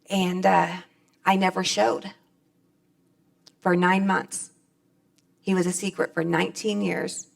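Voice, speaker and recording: Gravelly low-voiced woman telling her story. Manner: storytelling, plainspoken and folksy. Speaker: convention speaker. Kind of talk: personal testimony speech. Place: stage at a convention.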